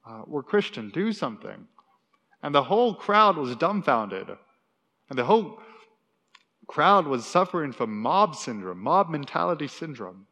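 Man, sermon, church sanctuary, long echoing reverb, slightly high voice, acts out quotes. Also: a little slow, highs cut off. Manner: animated, acts out quotes, many restarts. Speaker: pastor.

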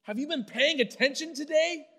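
A man voicing a furious older male prophet who scolds his brother in a raised, shouting voice. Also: very high-pitched, moderate pace, in a large hall, pitched above the performer's own voice, full character voice.

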